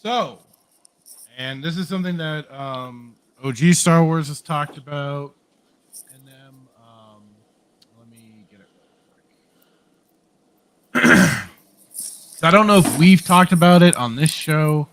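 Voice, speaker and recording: A man's voice: a little high, takes it slowly, long pauses, a bit bright, a little hiss or hum. A man co-hosting a podcast, rambling through a casual review chat with lots of fillers, restarts and laughs. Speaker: podcast co-host.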